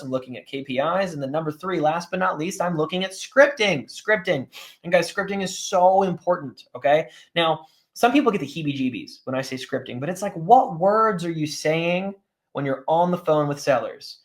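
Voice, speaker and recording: A man teaching a live coaching session in a somewhat high-pitched voice. He speaks plainly and casually, leans on everyday examples, and keeps asking "right?" to pull his listeners along. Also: normal speed. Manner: conversational, often checks in with "right?" and "guys". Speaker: sales coach.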